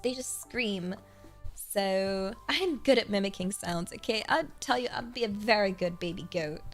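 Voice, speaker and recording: A woman chatting casually on her livestream, rambling with many fillers and giggling often. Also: a little high. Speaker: streamer.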